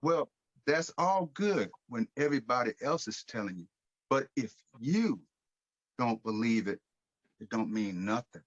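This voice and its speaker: Lively storytelling man, lo-fi sound. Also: medium pitch, unhurried. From United States. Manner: animated, acts out quoted dialogue. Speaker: podcast guest. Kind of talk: casual storytelling.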